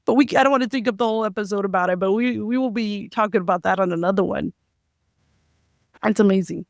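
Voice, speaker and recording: Animated woman podcast host. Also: medium pitch, quick pace, dry recording, clean studio sound. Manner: animated, acts out quotes, lots of restarts. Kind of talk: casual film review chat.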